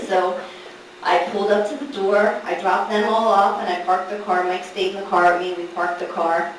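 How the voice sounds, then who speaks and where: A middle-aged woman telling a family story to a live audience, animated and laughing through the funny parts. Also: medium pitch, moderate pace. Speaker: daughter telling a story at a gathering. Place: large echoey room at a family gathering. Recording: echoey room, far from the mic, background noise.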